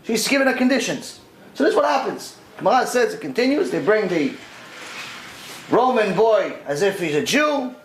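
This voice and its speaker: A man, a rabbi, giving a storytelling lesson in an animated, conversational way. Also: high voice, normal speed. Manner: animated, conversational retelling with voiced quotes. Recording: echoey room.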